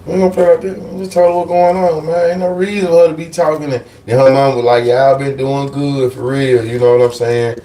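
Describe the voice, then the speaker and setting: A man telling a personal story casually on a live stream, animated and profane, repeating phrases for emphasis. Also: medium pitch, brisk, few pauses, reverberant, distant mic.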